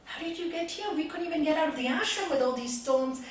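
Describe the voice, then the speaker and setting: A woman voicing a group of shocked, indignant disciples who ask high, loud, exasperated questions, in an echoey room from a distance. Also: brisk, slight background noise, natural voice.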